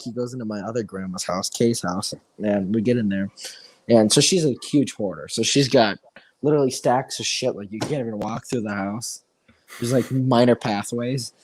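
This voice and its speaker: Animated young man telling a story. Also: mid-range voice, no room sound. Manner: animated storyteller, swears freely. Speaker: co-host. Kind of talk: casual podcast chat.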